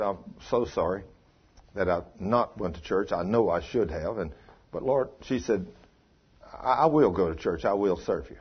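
A preacher man tells his story in a husky, slightly breathy voice. He swings between low, hushed passages and loud, excited bursts. The recording sounds dull and muffled. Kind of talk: sermon storytelling.

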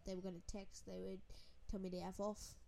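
Gravelly-voiced woman in a casual chat. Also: mid-range voice, level tone, brisk, mellow, slight background noise.

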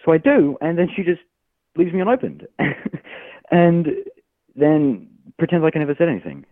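A man's voice: fairly high pitch, lively intonation, moderate pace, dry recording. A man calling in to an advice show, telling a frustrated, rambling story. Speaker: caller. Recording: tinny phone line.

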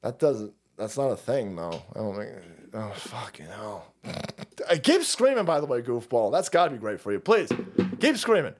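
A man's voice: medium pitch, very animated, normal speed. A man hosting a livestream, ranting about politics in a profane, sarcastic way and reading sponsor ads. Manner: foul-mouthed, sarcastic, rambling. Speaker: streamer host. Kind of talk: profane political rant with ad reads.

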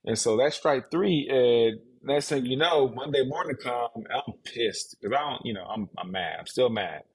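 Guy in his 30s on a podcast, kinda husky, animated story, acts out what people said. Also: mid-range voice, moderate pace. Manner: animated, mimics others' voices in his stories. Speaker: podcast guest, retired football player. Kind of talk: casual storytelling.

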